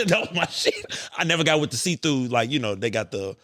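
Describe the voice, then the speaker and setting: A man hosting a podcast, telling stories in an animated, profane way. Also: mid-range voice, brisk, no echo. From United States. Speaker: podcast host. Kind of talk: casual podcast chat.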